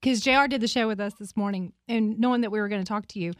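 A woman's voice: mid-range voice, quick pace, no echo. Eager woman co-host, dry sound. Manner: eager, coaxing the guest. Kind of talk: casual chat.

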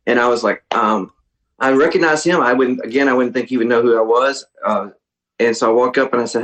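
A man, a musician guest, telling a lively story in a casual interview, often mimicking others. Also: medium pitch, fairly quick, rough recording.

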